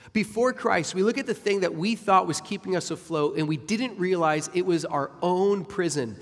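A man preaching a sermon with emphatic delivery and rhetorical questions to the congregation. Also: high-pitched. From United States. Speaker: pastor. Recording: long hall reverb.

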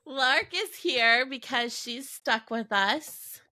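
A woman with a light Southern American twang co-hosts a relaxed podcast chat. Her voice is bright and a touch high, and she takes her time, teasing and laughing between lines. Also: slow pace. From United States. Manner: laughs often, teasing and chatty. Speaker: podcast co-host.

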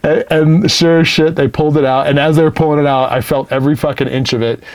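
A man's voice: fairly high pitch, fast talker, no room sound. Man co-host, blunt swearing anecdote teller, dry close mic. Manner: profane, animated, blunt. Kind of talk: casual storytelling.

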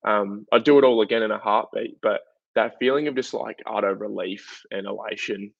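A young Australian footballer, appearing as a guest, tells a story in a casual interview, chatty and animated with lots of fillers. His voice sits a little low and creaky at a normal speed. The podcast audio is dull, dry, and lo-fi, from a dead room with no room sound.

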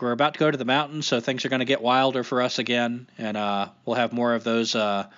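A man's voice: medium pitch, fairly bright tone. Male podcast host, sick with a cold, rambling and casual. Lo-fi sound. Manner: rambling, many fillers and likes. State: has a cold. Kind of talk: casual chat. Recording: dull lo-fi recording.

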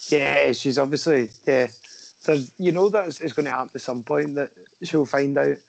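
A man's voice: mid-range voice, moderate pace, creaky. A man, chatting bluntly as a podcast co-host, tagging his remarks with questions. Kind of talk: casual film discussion.

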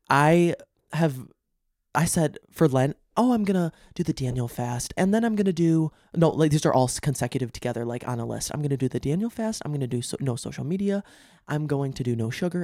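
A young man hosting a casual podcast chat, playful and jokey with quick asides. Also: fairly high pitch, animated, darkish tone, no room sound, studio quality. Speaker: podcast host.

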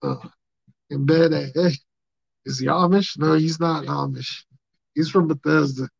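A man hosting a podcast, joking and rambling loudly in slangy, casual banter with his co-hosts. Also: fairly high pitch, fairly even intonation, measured pace, gravelly, husky, dry recording. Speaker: podcast host. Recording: dull lo-fi podcast audio.

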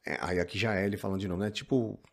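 A man with a Brazilian Portuguese accent teaching an online English lesson, explaining film dialogue in an animated way. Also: on the low side, racing, vocal fry. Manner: animated, acts out film lines.

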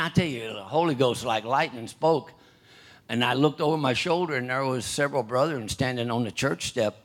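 Older man preaching a halting sermon. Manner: storytelling, halting with repeated restarts and throat-clearing; reads scripture louder and higher. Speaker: pastor.

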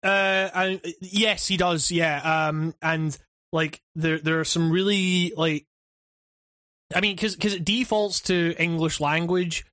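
A man's voice: a little high, fairly even intonation, slow, pushed and bright, no room sound, studio quality. Rambling man on a gaming podcast. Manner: rambling, hesitant, swears freely. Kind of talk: casual gaming chat.

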